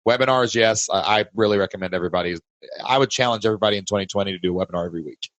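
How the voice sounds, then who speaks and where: A man with a Kentucky Southern accent, hosting a podcast and coaching a guest in an emphatic, energetic way. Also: on the low side, rapid-fire, no room sound. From Southern United States. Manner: emphatic, energetic, pushes and challenges. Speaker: podcast host and business coach. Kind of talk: casual coaching chat.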